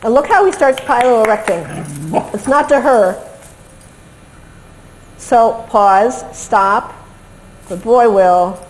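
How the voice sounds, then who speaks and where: A woman lecturing on dog behavior over video clips, lively and acting out what the dogs seem to think. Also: a little high, slow, long pauses, rough recording. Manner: lively, acts out dogs' thoughts in quotes.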